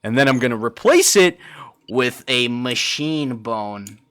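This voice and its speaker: A young man from Brazil doing live gameplay commentary as a streamer, excitable and quick to swear and yell. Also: medium pitch, smooth. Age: young adult. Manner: excitable, swears often, yells and laughs in frustration.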